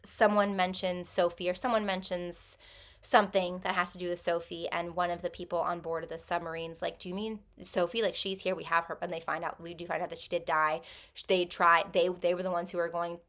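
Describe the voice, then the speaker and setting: A woman summarizing a novel's plot for her viewers in a loose, conversational way. Her voice sits a little low, and she fills her sentences with ums and likes as she goes. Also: flat delivery, a little fast, fairly bright tone. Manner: chatty, many ums and likes. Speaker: book vlogger. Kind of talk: casual book recap.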